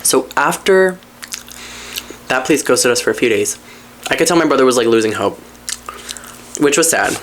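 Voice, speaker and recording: A podcast host in casual storytelling chat, candid and full of swearing. The talk rambles through asides and restarts, dipping into low grumbles and springing up into excited highs. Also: normal speed, pauses often, a little hiss or hum. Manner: animated, jumps between low mutters and excited highs.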